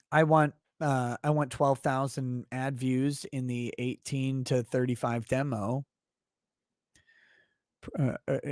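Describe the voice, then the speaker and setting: A man's voice: medium pitch, a little mellow, dry recording, clean studio sound. A man hosting a casual livestream, reading viewer messages aloud and giving blunt, profane, offhand replies. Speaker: livestream host.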